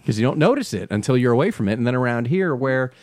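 A man's voice: mid-range voice, quick pace, no room sound, studio quality. A man from New Jersey with a New Jersey accent, hosting a podcast in casual chat and laughing often. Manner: laughs often, animated storyteller. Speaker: podcast host.

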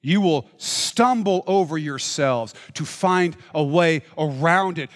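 A man preaching a sermon with passion, swinging between loud declarations and hushed, intimate lines. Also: on the high side, takes it slowly, few pauses. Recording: long hall reverb.

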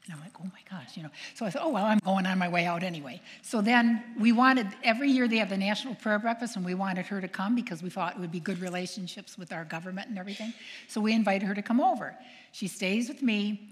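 Older woman, nun giving a talk; animated storyteller who acts out quotes, mid pitch, long hall echo. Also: quick pace. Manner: animated, acts out quoted voices, asks the audience questions. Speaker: nun and speaker.

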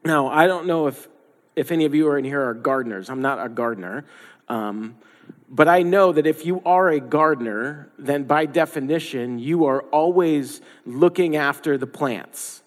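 Guy preaching in church, kinda high voice, chatty but punchy, repeats stuff for emphasis, big echoey hall. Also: moderate pace. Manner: conversational, emphatic, repeats phrases for stress. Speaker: pastor. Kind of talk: sermon.

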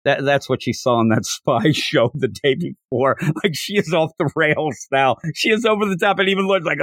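A man co-hosting a podcast, excitedly retelling a manga chapter in casual chat, rambling with many restarts. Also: a little high, normal speed, few pauses, no echo, studio quality. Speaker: podcast co-host. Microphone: podcast microphone.

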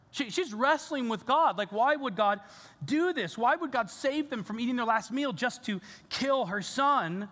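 A male pastor preaching a sermon, earnest and animated, with casual fillers and restarts. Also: extremely high pitch, a little slow. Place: church sanctuary. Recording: church hall reverb.

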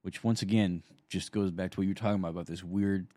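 A man co-hosting a casual talk show, relaxed and agreeable as he reads questions aloud. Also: low voice, quick pace. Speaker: podcast co-host. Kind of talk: casual chat.

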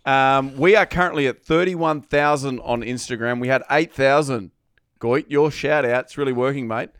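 A man's voice: mid-range voice, moderate pace, fairly bright tone, clear, resonant tone, no room sound. Aussie host ribbing his mates, cheeky, dead dry studio sound. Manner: teasing, cheeky banter. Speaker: podcast host. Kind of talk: casual podcast hosting.

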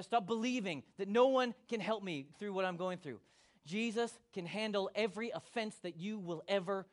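A male pastor preaching a sermon, swinging from hushed to loud and acting out quotes. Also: high-pitched.

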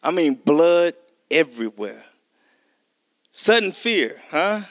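Preacher guy telling a story, fairly high voice, dry close sound. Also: slow pace, no room sound. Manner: animated storytelling, acts out dialogue; conversational, addresses listeners as y'all. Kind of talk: testimony sermon.

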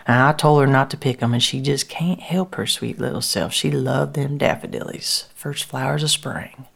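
A woman's voice: very deep voice, moderate pace, gravelly, breathy edge. A woman telling a rambling first-person story, often dropping into whispers. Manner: folksy, rambling, drops to whispers. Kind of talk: dramatic first-person monologue.

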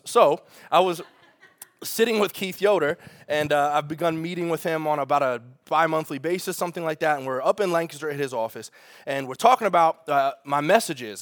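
A man preaching a sermon as pastor, animated and conversational, with asides to the congregation. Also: fairly high pitch.

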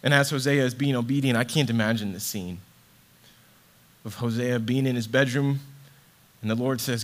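Reflecting on scripture he has just read, a church ministry associate director speaks with earnest, heartfelt feeling, repeating words while he hunts for them. His medium-pitched voice stays steady at normal speed, broken by long pauses.

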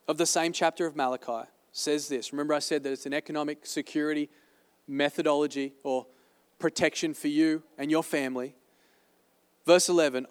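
A man preaching from the pulpit in a somewhat higher voice, emphatic and chatty by turns. His sermon rings through a church hall with a long reverb tail. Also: moderate pace. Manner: emphatic, conversational preaching with asides. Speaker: pastor. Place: church auditorium.

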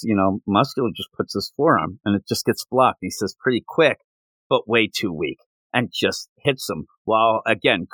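Animated man chatting on a podcast. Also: no room sound, rough recording. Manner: animated, jumps in pitch when quoting characters. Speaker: podcast co-host. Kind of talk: casual podcast chat recapping a manga chapter.

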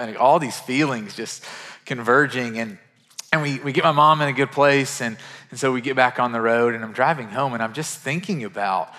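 Male pastor, thirties, from western Kentucky; conversational, heartfelt sermon, average pitch, long church reverb. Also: normal speed. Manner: earnest, conversational, frequent restarts, drops to hushed tones for quoted lines. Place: church sanctuary.

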